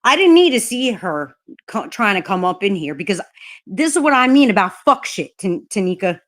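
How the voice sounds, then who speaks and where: A woman's voice: medium pitch, very animated, normal speed. A woman hosting a livestream chat, ranting heatedly and swearing a lot. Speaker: livestream host.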